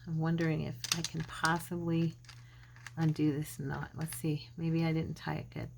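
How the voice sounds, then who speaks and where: A woman's voice: low voice, flat delivery, a little slow, vocal fry, a little mellow, slight background noise. A middle-aged woman hosting a craft channel, chatting casually and talking to herself as she works, living in Arizona. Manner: chatty, talks to herself while working. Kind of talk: casual crafting tutorial chat.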